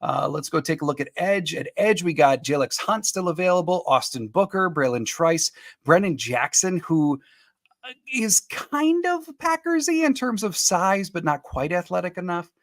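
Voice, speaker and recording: A man's voice: high-pitched, lively intonation, no echo. A man hosting a live-streamed sports podcast, running through picks and reading viewer comments in an upbeat, chatty way. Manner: upbeat, quick asides to viewers, chuckling. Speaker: podcast host.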